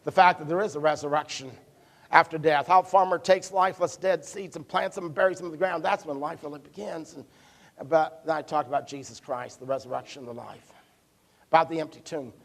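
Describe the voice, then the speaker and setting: A man's voice: a little high, steady tone, brisk, gravelly. A man with a Midwestern American accent, a pastor preaching a sermon and telling a personal story in a folksy, self-deprecating way. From United States. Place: church service.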